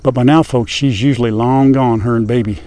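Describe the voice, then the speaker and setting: A man's voice: mid-range voice, steady tone, a little fast, dark tone, slight background noise. An older man hosting a farm vlog outdoors, chatting in a folksy, wry way to viewers. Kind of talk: casual vlog to camera. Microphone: lapel.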